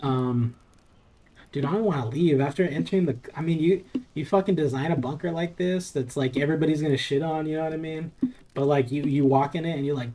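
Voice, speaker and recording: A man's voice: a little high, brisk, warm tone, slight background noise. A young man from Southern California streaming a game, chatting casually in a loose, profane, rambling way. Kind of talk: casual live-stream chat while playing.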